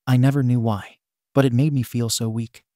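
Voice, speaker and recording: A man's voice: medium pitch, fairly even intonation, normal speed, mellow, dry recording, studio quality, natural voice. A man voicing a bitter, scarred young male villain confronting his father in a fan fiction reading, menacing and accusing.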